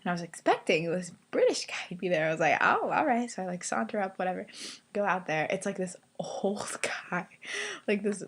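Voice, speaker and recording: A young woman vlogging from a hostel hangout space, telling a story in a chatty, excited way full of fillers and acting out what people said. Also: lowish voice, fairly quick. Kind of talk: casual storytelling vlog.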